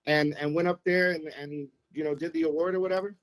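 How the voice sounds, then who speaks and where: A middle-aged man, a former radio programmer, telling anecdotes on a podcast in an animated, casual way. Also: a little high, fast talker, rough recording. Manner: animated anecdote-telling, acts out quotes, keeps saying "you know what I mean". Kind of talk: casual storytelling.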